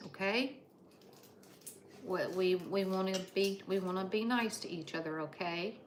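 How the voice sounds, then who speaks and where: A woman's voice: mid-range voice, unhurried. Older woman, motherly livestream chat, cooking at home, faint background noise. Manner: chatty, motherly, talks to viewers by name while cooking. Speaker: livestream host. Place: home kitchen.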